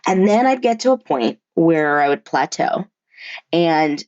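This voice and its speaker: Frank low-voiced woman on a dull line. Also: expressive, unhurried, a little mellow, no room sound. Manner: frank, many fillers and restarts, occasional swearing and laughs. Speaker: therapist and body-image coach, podcast guest. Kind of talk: candid conversational storytelling. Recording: dull lo-fi remote recording.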